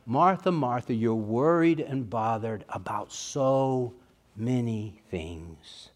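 A man with an East Texas accent voicing Jesus as a gentle, loving male teacher, speaking tenderly. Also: on the high side, expressive, measured pace. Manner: tender, soft-spoken.

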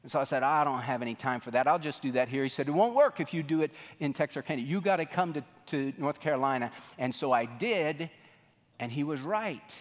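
A man's voice: fairly high pitch, brisk. A middle-aged man preaching a sermon as pastor, telling stories in a folksy way and acting out what people said. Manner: folksy storytelling, animated quoting. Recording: long reverb of a large hall.

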